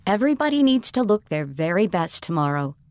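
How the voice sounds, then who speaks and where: A woman voicing a kind, patient female schoolteacher in a storybook read aloud, with a soft, coaxing manner. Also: mid-range voice, animated, measured pace, no echo, clean studio sound. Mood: sing-song. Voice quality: soft, coaxing, sing-song. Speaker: teacher character.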